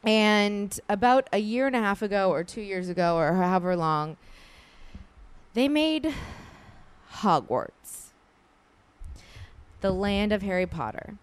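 A woman's voice: mid-range voice, animated, clear, resonant tone, no room sound. Woman podcaster, chatty and slangy, dry close sound. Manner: chatty, slangy, fast asides, frequent "like". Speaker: podcast host. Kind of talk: casual chat with ad read.

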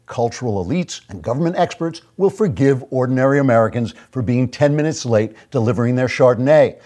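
A man's voice: mid-range voice, warm tone. A man hosting his own show, delivering a sarcastic, mock-grandiose commentary monologue. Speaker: host.

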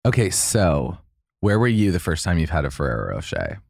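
A man's voice: sits low, huge pitch swings, a little fast, vocal fry, darkish tone, no room sound, clean studio sound. A young man co-hosting a podcast in casual chat, rambling and laughing often as he tells stories. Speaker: podcast co-host.

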